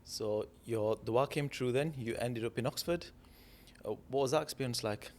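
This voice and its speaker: A male interviewer asks short, encouraging questions with a mid-pitched voice. He sounds a little away from the mic, with faint noise behind him. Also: normal speed, darkish tone. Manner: brief prompts and encouraging laughs.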